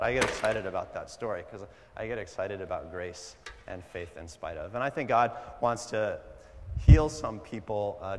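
A man preaching a sermon at a church service, animated and conversational, wandering into asides, in a hall with long reverb. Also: lowish voice. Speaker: pastor.

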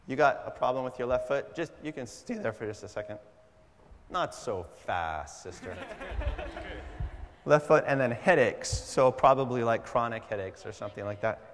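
A man preaching a sermon at a church service, animated and conversational, wandering into asides, in a hall with long reverb. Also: medium pitch, fairly quick, hardly any pauses, slight background noise. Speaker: pastor.

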